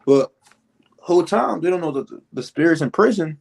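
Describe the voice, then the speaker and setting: A man co-hosting a casual Bible study who reads verses slowly and talks in slang. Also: fairly high pitch, lively intonation, creaky, darkish tone. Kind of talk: casual religious discussion and scripture reading.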